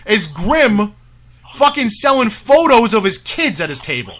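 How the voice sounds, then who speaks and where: A fired-up man with a high, bright voice vents about a grudge as a guest on a radio show. His speech is full of cursing and filler, he stumbles over words in his hurry, and he keeps pressing his point. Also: very animated, unhurried. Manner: angry, profane rant with many "you know" fillers and stammered restarts. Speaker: wrestling promoter.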